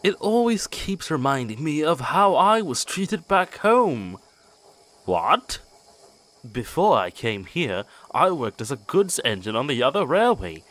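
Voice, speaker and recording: A man's voice: on the high side, sing-song, unhurried, pitched above the performer's own voice. Neville, a man doing a shy, sad goods engine. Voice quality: timid, quiet.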